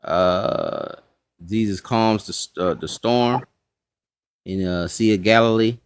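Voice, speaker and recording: Bible study teacher, man, low and folksy, dry close mic. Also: takes it slowly, clean tone, dry recording. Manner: folksy, says y'all, talks to the class. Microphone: streaming setup.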